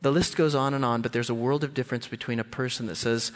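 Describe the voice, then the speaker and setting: A man preaching a sermon as a guest speaker, animated and lively, often acting out voices. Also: fast. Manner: animated, acts out quoted voices with big pitch jumps. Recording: long hall reverb.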